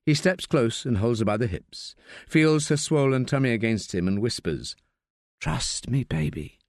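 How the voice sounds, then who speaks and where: A medium-pitched male voice reads an audiobook, measured and expressive as he tells the tale. There's no echo, just clean studio sound.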